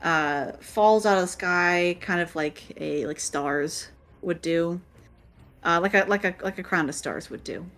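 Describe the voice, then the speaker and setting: A woman's voice: fairly low pitch, unhurried, a bit bright. A woman running a tabletop game as game master, laid-back and joking, swearing casually.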